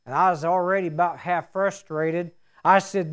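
A man's voice: sits high, fairly even intonation, moderate pace, a bit bright, smooth. A middle-aged man preaching a sermon in a folksy, storytelling way with homespun asides.

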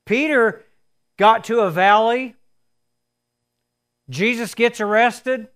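Brief: man, preacher, earnest testimony, fervent, high voice. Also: slow, a bit bright, clean tone. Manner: earnest storytelling, rising to fervent emphasis. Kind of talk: sermon with personal testimony.

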